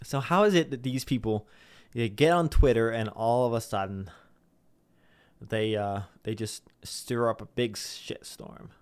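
A man's voice: mid-range voice, unhurried, clear, resonant tone, dry recording. A young man giving a casual, sarcastic commentary monologue, rambling and mocking people in put-on voices.

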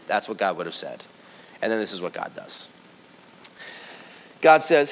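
A man preaching a sermon to his congregation, lively and joking, talking straight to them. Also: medium pitch, a little fast, long pauses. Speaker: pastor. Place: church service before a congregation.

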